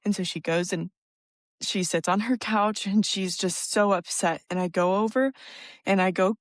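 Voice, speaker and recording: A woman's voice: medium pitch, steady tone, moderate pace, no echo, studio quality. Laughing, chatty young woman storyteller. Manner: chatty, laughs often, tells stories at length. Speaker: podcast co-host. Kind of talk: casual chat, storytelling.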